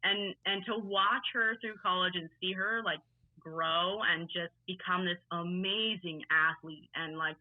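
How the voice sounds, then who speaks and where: A chatty young woman from New York with a faint Long Island accent, telling stories in a relaxed podcast conversation. Her voice sits a little low and comes through a tinny, phone-like line that sounds dry and close. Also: a little slow, no room sound. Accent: faded Long Island New York. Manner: chatty, filler-heavy storytelling with laughs. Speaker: guest, lacrosse player and coach. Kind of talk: casual podcast chat.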